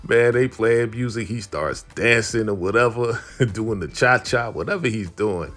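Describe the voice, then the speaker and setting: A man with a slightly low voice hosts a casual recap of a TV drama. He tells the story in an animated, chatty way, laughing along and voicing the characters' lines as he goes. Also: normal speed, few pauses, soft background music. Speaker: show recap host.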